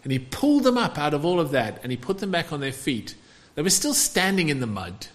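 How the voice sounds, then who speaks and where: Animated male preacher, lively pitch. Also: brisk. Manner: animated, rhetorical questions to the congregation. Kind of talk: sermon.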